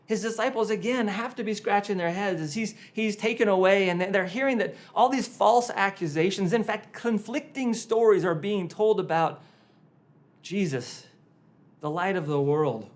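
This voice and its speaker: A male pastor preaching a sermon, retelling a story dramatically, rising to loud emphasis and then dropping to hushed tones, sometimes repeating words as he presses a point. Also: high voice, moderate pace.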